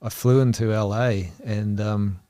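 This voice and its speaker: A man's voice: on the low side, fairly even intonation, a little slow, warm tone, dry recording. A man with a New Zealand accent, a guest telling a rambling travel story in casual chat, laughing between phrases.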